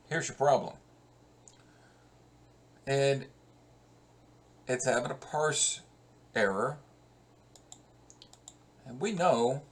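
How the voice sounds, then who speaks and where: Guy professor doing a coding walkthrough, talks slow, mid voice, kinda casual and thinking out loud. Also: mid-range voice. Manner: slow, conversational, thinks aloud while working. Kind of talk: screen-recorded coding lesson.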